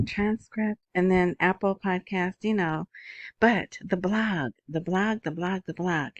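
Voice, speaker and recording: A middle-aged woman talks her way through a solo podcast episode, rambling with fillers and side remarks. She speaks at an unhurried, slow pace. The sound is dry and close, with no room echo. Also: lowish voice. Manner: rambling, chatty, many fillers and asides. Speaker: podcast host. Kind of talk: casual solo podcast monologue.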